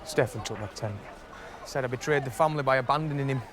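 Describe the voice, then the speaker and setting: An actor playing a glum northern English knight in a noisy crowd. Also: male voice, mid-range voice, fast, close to an everyday voice. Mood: aggrieved. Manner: glum and downtrodden. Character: glum, downtrodden young knight. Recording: TV drama clip with crowd noise.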